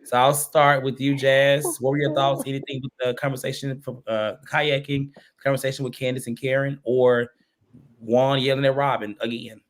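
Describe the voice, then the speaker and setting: A man with an average-pitched voice hosts a live reality-show review panel. He moderates in a relaxed, conversational manner, passing questions around and adding comments. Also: moderate pace. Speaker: host. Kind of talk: casual show recap chat.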